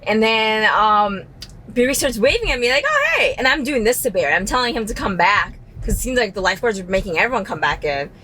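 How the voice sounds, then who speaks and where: A woman co-hosting a podcast recorded inside a car, telling a funny story with animated delivery and frequent laughter. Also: mid-range voice, fast, a little hiss or hum. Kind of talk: casual chat.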